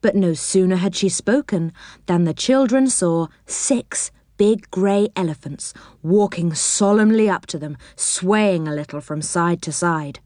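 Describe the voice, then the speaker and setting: A woman reading a children's storybook aloud with expressive, animated narration. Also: lowish voice, unhurried, dry recording, studio quality.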